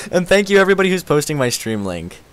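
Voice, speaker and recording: Excitable and full of giggles, a young live streamer reads his chat aloud, swinging between mumbling low and squealing high. He speaks briskly with a clean tone.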